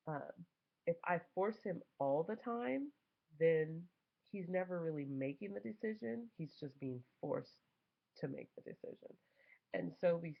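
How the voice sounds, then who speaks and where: Young mom vlogger, gravelly voice, lively storytelling, dull lo-fi recording. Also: female voice, low voice. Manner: animated, acts out quoted voices. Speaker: mother vlogger. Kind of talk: casual storytelling to camera.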